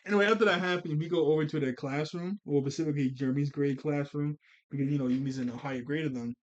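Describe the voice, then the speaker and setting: A man's voice: a little high, fairly even intonation, fast talker, lo-fi sound. A man giving a casual, rambling recap of a cartoon episode as a reviewer. He often corrects himself and laughs as he talks.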